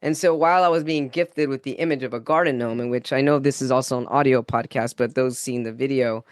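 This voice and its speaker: A man guesting on a podcast, telling an earnest personal story in a casual, animated way, acting out his own inner dialogue and laughing easily. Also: medium pitch, quick pace, dry recording, studio quality. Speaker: guest spiritual channeler.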